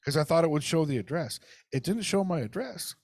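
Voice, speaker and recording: A man's voice: fairly high pitch, lively intonation, brisk, gravelly, darkish tone, no echo, studio quality. A man co-hosting a casual podcast, telling a heated, profane story and acting out phone calls. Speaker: podcast co-host. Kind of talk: casual ranting podcast chat.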